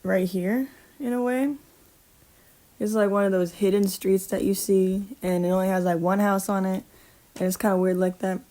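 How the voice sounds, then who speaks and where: A woman's voice: medium pitch, fairly even intonation, normal speed, warm tone. Woman podcast host, casual storyteller, profane and rambling, mid-range voice. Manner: rambling, self-correcting, swears freely.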